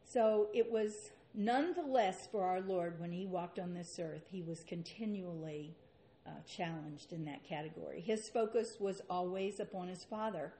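A woman's voice: fairly low pitch, moderate pace, dark tone. A woman preaching a sermon and reading scripture aloud, with an earnest manner and rhetorical questions.

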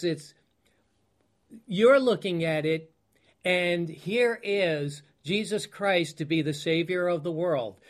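A man preaching a teaching sermon, unhurried, with many fillers and restarts and emphatic repetitions. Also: sits high.

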